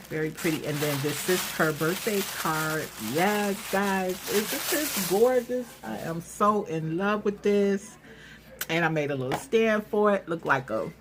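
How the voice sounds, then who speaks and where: A woman hosting a casual craft vlog, showing off handmade items in an excitable, chatty way with lots of fillers, recorded at home on a camera mic. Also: sits low, noisy background. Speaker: craft channel host. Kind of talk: casual show-and-tell vlog.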